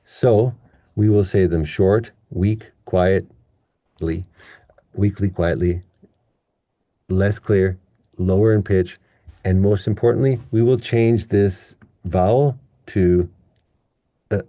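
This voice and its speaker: A man gives a patient, playful pronunciation lesson. His voice sits low and sounds very dark and mellow. He talks at an unhurried pace. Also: fairly even intonation, dry recording, studio quality. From Canada. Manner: patient, playful, drawn-out demonstration words. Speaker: English pronunciation teacher.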